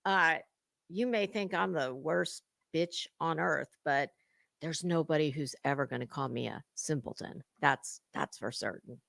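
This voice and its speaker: A woman's voice: deep voice, unhurried, gravelly, fairly bright tone, no room sound, clean studio sound. A woman hosting a casual livestream, greeting viewers in chat and talking in a salty, chatty way with cusswords. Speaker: livestream host.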